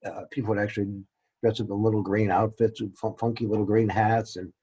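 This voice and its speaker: A man's voice: lowish voice, little pitch movement, brisk, dark tone, husky, poor audio. A man teaching a casual lesson, rambling and joking at his own expense. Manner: rambling, joking and self-deprecating. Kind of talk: casual classroom-style lecture.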